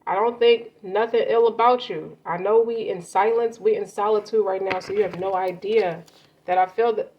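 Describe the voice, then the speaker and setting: A woman does a casual tarot card reading, speaking loosely with slang and swearing in a medium-pitched, steady voice at a moderate pace. The lo-fi audio is muffled with faint noise.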